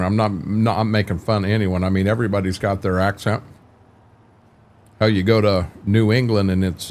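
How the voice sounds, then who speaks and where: An older man with a lowish voice hosts a laid-back game stream. He talks casually with his viewers, wanders from thought to thought, trips over his own starts and throws in the odd mild curse. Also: flat delivery, fairly quick, darkish tone. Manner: rambling, frequent restarts, mild cursing. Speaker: livestream host. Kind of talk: casual chat while streaming a farming game.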